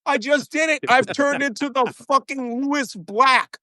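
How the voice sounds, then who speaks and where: A man's voice: very high voice, unhurried, sharp tone, dry recording. Profane, ranting ex-navy man. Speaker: guest commentator, former navy chief. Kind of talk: heated talk-show commentary.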